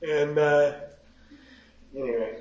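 A man teaching a class on Buddhism, reading out Tibetan lines slowly and then explaining them in casual, joking English to his students. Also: on the high side, steady tone, a little mellow. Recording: echoey, dull lo-fi room recording.

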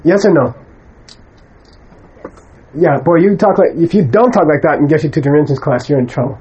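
In a relaxed lecture to students, a Buddhist teacher whose voice sits slightly high waves off wrong ideas with blunt emphasis and frequently checks in with "okay?". His tone is dark and a touch rough, and the sound is lo-fi.

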